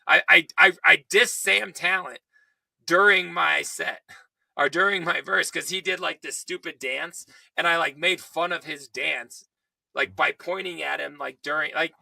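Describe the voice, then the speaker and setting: A young man telling a story in casual podcast chat, animated and swearing, while he is losing his voice. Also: fairly high pitch, unhurried, vocal fry, no echo, distant mic. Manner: animated, swearing, quoting himself. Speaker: podcast co-host.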